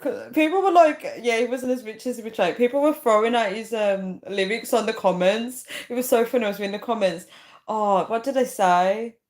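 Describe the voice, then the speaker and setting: A woman's voice: fairly high pitch, brisk. A young woman hosting a livestream, chatting casually and rambling as she reads out viewer comments, often breaking into giggles. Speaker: livestream host. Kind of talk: casual live chat reading comments.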